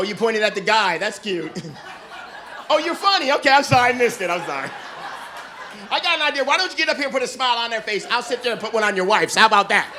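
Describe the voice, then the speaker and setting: A man's voice: high-pitched, pushed and bright, slight background noise. A middle-aged man doing stand-up comedy, brash and profane, teasing the audience from a club stage. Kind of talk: stand-up comedy with crowd work. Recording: live club recording with audience laughter.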